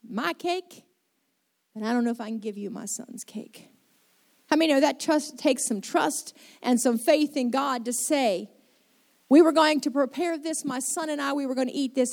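A woman's voice: sits high, moderate pace. A woman pastor preaching a sermon to her congregation, retelling scripture with dramatic shifts of pace. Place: church sanctuary with congregation.

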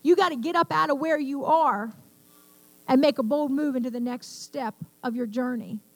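A woman's voice: high voice, normal speed, dry recording. An older woman preaching a sermon, telling stories with passion and acting out the quoted lines. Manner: impassioned, storytelling with acted quotes. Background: piano music.

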